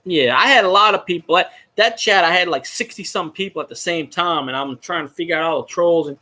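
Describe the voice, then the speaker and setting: A man's voice: fairly high pitch, a little fast, pushed and bright. A man, a fan vlogger rambling and swearing as he chats with viewers on a casual livestream. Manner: rambling, profane, talks to viewers in chat.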